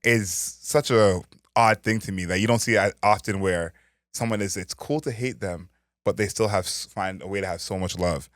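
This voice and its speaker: A man co-hosting a podcast, thinking out loud and weighing his points. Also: fairly low pitch, moderate pace, no room sound, clean studio sound. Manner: thoughtful, weighs points with restarts and hedges. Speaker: podcast co-host. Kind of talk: casual chat.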